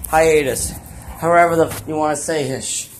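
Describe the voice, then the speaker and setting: A teenage boy with a fairly high voice rambles into his handheld phone while wandering outside. His talk is goofy and self-mocking, full of random asides. Traffic rumbles clearly behind him. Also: steady tone, normal speed. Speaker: vlogger. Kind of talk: rambling walk-and-talk vlog. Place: outdoors, streets and an alley. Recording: phone audio with traffic noise.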